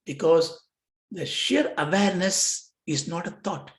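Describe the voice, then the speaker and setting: A man's voice: a little high, a little slow. A man teaching yoga philosophy, acting out questions and answers with himself. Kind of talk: lecture on scripture. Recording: roomy echo.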